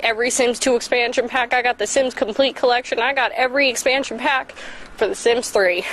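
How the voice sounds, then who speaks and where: A woman's voice: a little high, a bit bright, a little hiss or hum, poor audio. A young woman vlogger telling rambling childhood stories outdoors while walking, swearing freely and mocking herself. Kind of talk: rambling casual storytelling.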